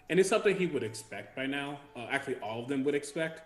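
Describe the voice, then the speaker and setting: A man's voice: mid-range voice, lively intonation, fast talker, fairly bright tone, faint music behind. A man playing a tabletop game, describing his character's actions hesitantly. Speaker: player. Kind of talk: tabletop role-play. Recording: roomy echo.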